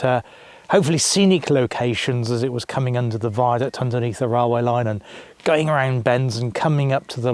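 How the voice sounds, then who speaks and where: A man talks through a travel vlog outdoors in an easy, rambling way, often stopping to correct himself mid-sentence. His voice sits at an ordinary middle pitch. The sound is dry and close, with no echo around it. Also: darkish tone. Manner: rambling, self-correcting, chatty. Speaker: travel vlogger. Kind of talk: casual vlog narration. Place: outdoors by a quiet lake.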